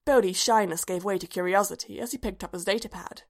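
A woman's voice: mid-range voice, quick pace. Woman reading a story aloud. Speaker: reader. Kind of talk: storybook narration.

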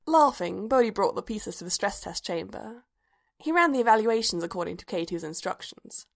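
A woman narrates a story aloud in a steady, measured audiobook style. Her voice sits at a middling pitch and keeps an even pace throughout. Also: vocal fry.

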